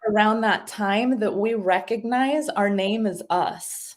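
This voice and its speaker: A woman talking as a guest, explaining ideas in a casual, animated way and acting out little voices as she goes. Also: medium pitch, slow. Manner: animated, acts out little voices in her stories. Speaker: guest speaker explaining identity.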